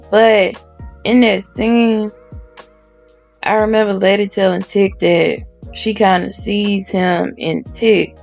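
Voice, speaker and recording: Gravelly, slow-talking woman reviewer. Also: mid-range voice, darkish tone. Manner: candid, heated and profane, laughing often. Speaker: TV show reviewer. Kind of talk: casual video review.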